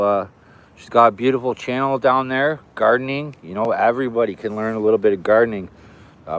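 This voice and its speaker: A man walking by a river, chatting casually to his livestream viewers, thanking them and reading out their comments. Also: fairly low pitch. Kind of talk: casual live stream chat. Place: outdoors by a river.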